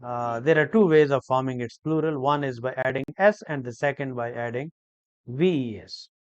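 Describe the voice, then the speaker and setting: A man teaching an English grammar lesson, explaining each word slowly and deliberately, with frequent hesitations and repeated phrases. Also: medium pitch, dry recording, lo-fi sound. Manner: slow, deliberate, repetitive explanation with many hesitations.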